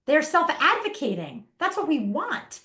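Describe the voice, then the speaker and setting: A woman in her fifties, a parenting coach, talking as a guest in a casual interview, animated and emphatic. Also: high-pitched, measured pace. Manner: animated, emphatic, acts out parents and kids in quotes. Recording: echoey room.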